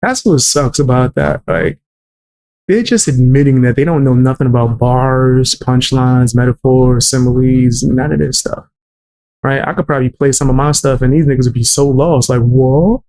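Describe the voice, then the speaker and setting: A man's voice: medium pitch, moderate pace, a little mellow. A man reacting to music clips on a stream, blunt and mocking, swearing often. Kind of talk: casual reaction stream commentary.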